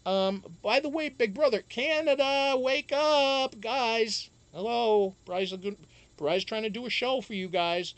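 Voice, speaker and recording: A man's voice: extremely high pitch, a little slow, a bit bright, no echo. A man hosting a live stream, telling a rambling, profane story and answering chat casually. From Wisconsin.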